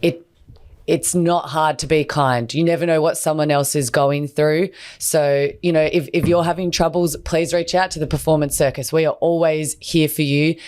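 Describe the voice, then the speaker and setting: A woman co-hosting a podcast, speaking warmly and encouragingly as she wraps up the episode. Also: sits low, steady tone, normal speed. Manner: warm, encouraging, wraps up the show. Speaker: podcast co-host. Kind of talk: casual podcast chat.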